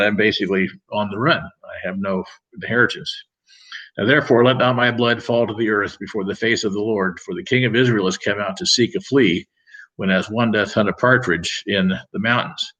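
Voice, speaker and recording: A man's voice: fairly low pitch, a bit bright, low-quality recording. A man leading a Bible study, reading scripture aloud and then explaining it in plain, casual words. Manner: reads verses aloud, then paraphrases them casually. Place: church.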